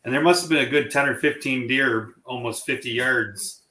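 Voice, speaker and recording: A man telling a relaxed story in casual chat, pausing often with "uh". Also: mid-range voice, background noise. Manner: relaxed, halting, with many "uh"s. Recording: roomy echo.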